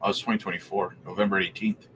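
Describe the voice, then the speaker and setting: A man's voice: sits low, fast talker, slight background noise. Canadian man chatting on a crypto livestream. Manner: relaxed, thinks aloud while looking things up. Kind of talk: casual livestream chat reading viewer questions.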